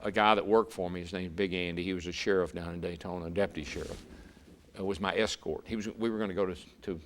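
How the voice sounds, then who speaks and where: A man's voice: sits low, steady tone, fast talker, a bit bright, slight background noise. A man, a former racer turned broadcaster, telling a vivid story as an interview guest and often repeating words. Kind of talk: storytelling in a conversation.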